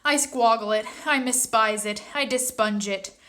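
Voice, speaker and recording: A woman's voice: a little high, measured pace, a bit bright. A woman voicing a kindly, very old male giant who mangles his words and drops word endings, reading a storybook aloud. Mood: earnest. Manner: jumbled made-up words, rustic dropped endings.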